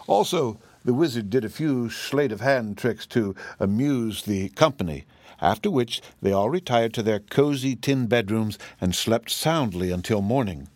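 A man narrating a storybook audiobook in a steady, plain storytelling manner. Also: mid-range voice, unhurried, no echo.

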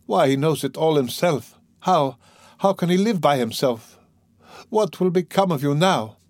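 A man's voice: mid-range voice, moderate pace, dry recording, clean studio sound, lightly acted. A man reading aloud, voicing a devout young woman who pleads with tearful urgency. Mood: anguished. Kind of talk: audiobook reading.

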